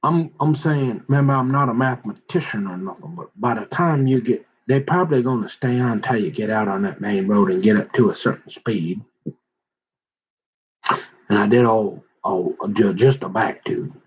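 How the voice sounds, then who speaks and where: A low-ish man's voice with a breathy edge comes through a muffled recording, telling a long, rambling personal story. He talks straight to his listener, often checking in with "right?" and "mm-hmm," and his delivery is drawn-out and meandering with many restarts.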